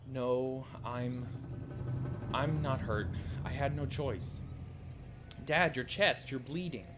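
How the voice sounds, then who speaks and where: A man's voice: mid-range voice, steady tone, drawn-out words. A man reading aloud the lines of a shaken young woman tending her wounded father, in his own lightly raised voice, over game music. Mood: anxious.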